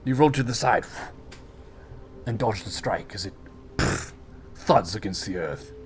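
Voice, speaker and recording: A man's voice: fairly low pitch, lively intonation, measured pace, a little hiss or hum. A man game master narrating a tabletop fight dramatically, with spoken sound effects and casual swearing.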